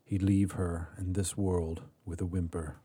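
A man hosting a fiction podcast, reading a short story in a measured way that drops quiet on sad moments. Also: low voice, little pitch movement, breathy edge. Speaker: podcast host and narrator. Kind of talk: scripted story narration.

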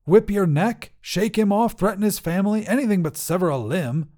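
Meriden, a man doing a high-strung fussy wizard. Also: normal speed, a little mellow, lightly acted. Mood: snapping. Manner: nervous, pleading, snappish. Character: fussy, sly middle-aged male wizard.

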